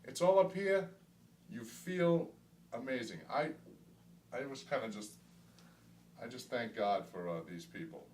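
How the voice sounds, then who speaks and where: A middle-aged man who had weight-loss surgery gives a candid testimonial in a hospital room, speaking at a medium pitch with an unhurried pace and long pauses. He is emphatic, stumbles over words and repeats himself, growing excited and loud. The distant mic picks up a reverberant room and faint background hiss.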